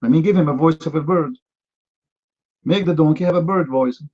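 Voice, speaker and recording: A man whose voice sits on the high side and is a little mellow hosts a heated live debate online at a moderate pace. His non-native English is peppered with fillers and repetition, and he keeps lobbing mocking rhetorical questions; the sound is lo-fi.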